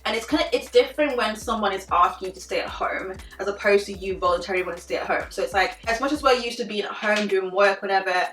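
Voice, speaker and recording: A young woman talks through a casual vlog in a loose, animated way, filling her sentences with "like." She sits a little back from the mic in a roomy space, and faint music plays underneath. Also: medium pitch, fast, hardly any pauses, far from the mic. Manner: chatty and animated, frequent "like" fillers. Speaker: beauty vlogger. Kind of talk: casual chit-chat vlog.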